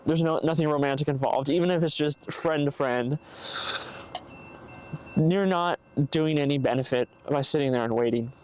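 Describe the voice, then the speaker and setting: A young man hosts a casual solo podcast, offering earnest, rambling advice and acting out hypothetical conversations. His voice is a little high and darkish in tone, moving at a normal speed. The recording has a bad mic and faint background noise.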